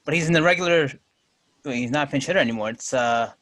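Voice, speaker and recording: A man's voice: fairly high pitch, quick pace, a bit bright. A man hosting and moderating a casual group podcast, joking and laughing often.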